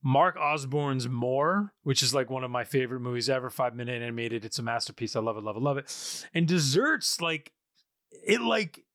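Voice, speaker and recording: A man co-hosting a casual film podcast, talking with quick, rambling enthusiasm. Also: mid-range voice, fairly bright tone, no echo, clean studio sound. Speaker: podcast co-host.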